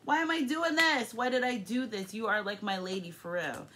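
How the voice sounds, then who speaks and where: A remorseful lover, put on by a woman tarot reader, speaks in a hushed, confessional tone. The voice is full of regret and amazed at the partner's loyalty. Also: a little high, moderate pace. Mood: regretful.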